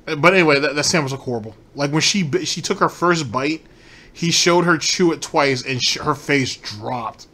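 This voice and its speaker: A man's voice: a little high, moderate pace, bright, forceful tone. A man hosting a commentary show, ranting profanely and incredulously about a streamer's clips. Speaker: commentary host.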